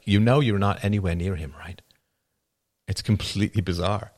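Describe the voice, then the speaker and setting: A man's voice: low voice, moderate pace. A man hosting a live stream, riffing through a casual comedic monologue and laughing at his own jokes. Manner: animated, joking, often laughing at own jokes.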